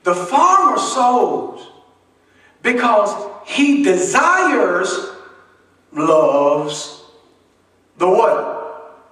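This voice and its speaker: Pastor preaching in an echoey church. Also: male voice, sits high, big pitch swings, extremely slow, long pauses, bright, forceful tone. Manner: call-and-response preaching, asks the congregation to finish his lines; folksy, humorous, conversational delivery. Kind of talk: sermon. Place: church sanctuary. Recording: echoey church from a distant mic.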